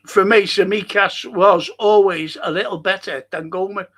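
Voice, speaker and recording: A middle-aged man hosting a podcast works through viewer comments in easygoing livestream chat, wandering off track and restarting often with lots of fillers. His high voice is fairly bright, with a steady tone and normal speed.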